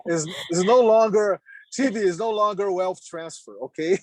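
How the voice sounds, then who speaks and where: Halting man on a video call. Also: sits high, dry recording. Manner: halting, repeats words, laughs often. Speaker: meeting participant. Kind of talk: casual video call chat. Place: in a car on the road.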